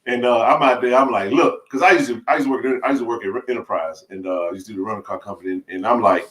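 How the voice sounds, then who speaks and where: A middle-aged man, telling a rambling, animated story on a live stream, full of restarts and laughs. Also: medium pitch, fast. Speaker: live-stream sports chat host. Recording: roomy echo.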